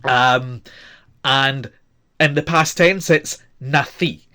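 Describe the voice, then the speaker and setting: A man's voice: mid-range voice, takes it slowly, sharp tone. A man in his forties teaching a grammar lesson, patient and methodical, spelling out words letter by letter with frequent fillers. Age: 40s. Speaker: language teacher.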